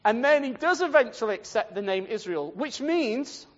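High-voiced man teaching in an echoey hall. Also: animated, normal speed. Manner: chatty, rambling, addresses listeners directly. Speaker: Bible teacher. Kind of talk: informal Bible study talk. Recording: dull, muffled, long hall echo.

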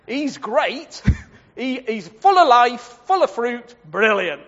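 High-voiced animated preacher in a reverberant hall. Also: male voice, slow. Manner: lively, animated, acts out quoted voices, laughs at his own points. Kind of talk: sermon on the Psalms. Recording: dull lo-fi sound with long hall reverb.

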